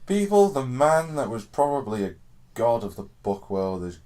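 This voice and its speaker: A man's voice: medium pitch, sing-song, normal speed, mellow. A young man from the UK hosting a podcast in casual, jokey banter. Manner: jokey, laughing, swearing banter. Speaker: podcast host. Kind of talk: casual chat.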